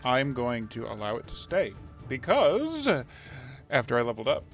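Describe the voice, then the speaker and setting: A man's voice: medium pitch, huge pitch swings, normal speed. A man playing in a tabletop game, swearing casually and explaining his character's abilities. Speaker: player. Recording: faint music under the voices.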